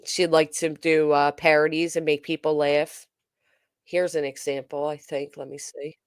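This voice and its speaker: This commentary channel host speaks in a low voice with little pitch movement, at normal speed and with a clean tone, captured dry in clean studio sound. On her casual livestream she reads viewer comments out loud and responds in a chatty, hesitant way, full of um and uh fillers.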